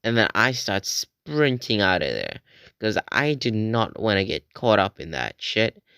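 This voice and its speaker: Teen boy vlogger, rambling and profane, lower pitch, dry close mic. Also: big pitch swings, a little slow, pushed and bright, clear, resonant tone, dry recording. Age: teens. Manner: rambling, swearing, acts out quoted friends in a raised voice. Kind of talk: casual storytelling.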